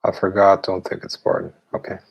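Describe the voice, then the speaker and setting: Gravelly low-voiced man, blunt and profane. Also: completely flat delivery, a little fast, lo-fi sound. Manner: blunt and profane, with scoffing laughs. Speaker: occultist answering viewer questions. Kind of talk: casual live Q&A.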